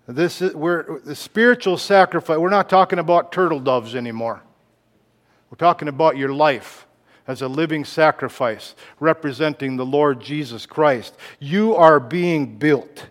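Preaching man, quiet to loud bursts. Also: on the high side, a little slow, long reverb tail. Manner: swings from quiet reflection to loud emphatic outbursts; laughs between lines. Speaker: pastor. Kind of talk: sermon.

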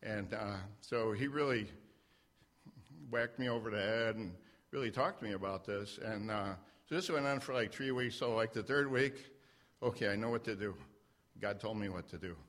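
A man at a church mic telling a personal story, halting and self-deprecating, with many fillers and restarts. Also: lowish voice, fairly bright tone. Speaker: church member sharing a testimony. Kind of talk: unscripted personal testimony. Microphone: standing mic.

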